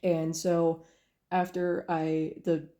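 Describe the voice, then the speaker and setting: A woman's voice: low voice, completely flat delivery, very slow, warm tone. A young adult woman telling a personal story in a candid, earnest way, acting out the lines of others as she goes. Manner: candid, earnest, recounting with quoted dialogue. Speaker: vlogger.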